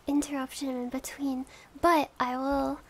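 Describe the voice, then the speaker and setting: High-voiced giggly woman streamer. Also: level tone, a little slow, crowd noise. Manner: giggly, thanks subscribers one by one. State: has the hiccups. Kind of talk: casual livestream chat.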